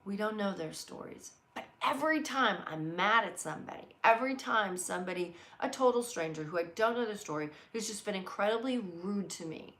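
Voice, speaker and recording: A woman's voice: mid-range voice, expressive, a little fast, hardly any pauses, fairly bright tone. A middle-aged woman hosting a live inspirational talk, speaking earnestly and telling stories while reading out viewer comments. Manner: earnest, storytelling, reads viewer comments aloud. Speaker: host of a live inspirational show. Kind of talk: heartfelt live motivational talk.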